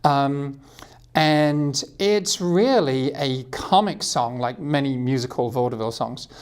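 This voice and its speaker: A man's voice: mid-range voice, slow pace, clean tone. A man from England, a guest author telling a rambling, self-mocking story in a community TV studio. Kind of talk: casual storytelling and singing.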